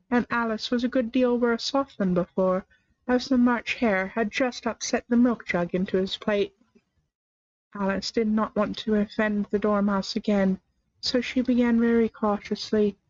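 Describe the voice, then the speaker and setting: A woman narrating a storybook in a live reading, with an expressive, measured delivery. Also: mid-range voice, dry recording. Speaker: storybook reader. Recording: dry, slightly muffled lo-fi sound.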